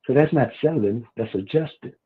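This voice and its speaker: A man's voice: mid-range voice, normal speed, breathy edge. A male guest talking in a rambling, folksy way over a phone line. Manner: rambling, folksy, repeats words. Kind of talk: casual radio talk.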